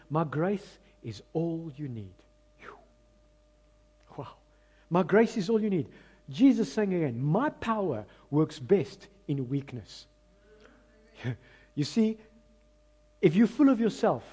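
A man with a South African accent preaching a lively, emphatic sermon to his church. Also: high voice, breathy edge. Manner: animated, rising to emphatic bursts. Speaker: pastor. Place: church hall. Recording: long church hall reverb.

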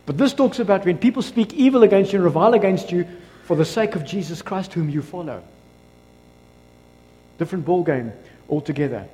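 A South African man preaching a lively sermon as pastor in a church, joking and calling out for amens. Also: high-pitched, fairly quick, long pauses. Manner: energetic, joking, builds to loud exclamations, calls for amens. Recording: long reverb of a church hall.

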